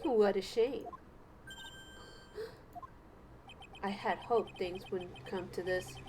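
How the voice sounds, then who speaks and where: A woman's voice: medium pitch, a little slow, noisy background, pitched below the performer's own voice, lightly acted. A woman voicing an arrogant young female prosecutor who mocks and taunts, as part of a game voice reading. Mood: cold. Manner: mocking, taunting. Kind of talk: let's play voice reading.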